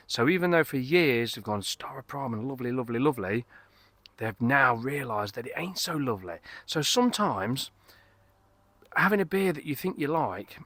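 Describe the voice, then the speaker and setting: A middle-aged Englishman chats about a beer in a rambling, eager way, stopping and restarting his thoughts. His voice is bright and forward. The sound is close and dry, recorded outside in a garden. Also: mid-range voice, very animated, moderate pace, dry recording. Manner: rambling, enthusiastic, lots of fillers and restarts. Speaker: beer reviewer. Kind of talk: casual beer review vlog. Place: outdoors in a garden.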